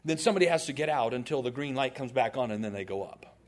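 A pastor in his forties from the United States preaches a storytelling sermon, speaking fast in a medium-pitched voice. He's animated, laughing his way through anecdotes.

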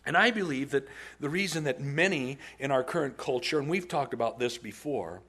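A man preaching a sermon as a pastor, telling stories in an animated way and laughing often. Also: medium pitch, brisk, husky.

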